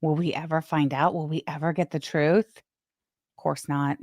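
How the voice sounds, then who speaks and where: A woman's voice: low voice, level tone, measured pace, darkish tone, dry recording, clean studio sound. A woman speaking in an indignant, sarcastic way.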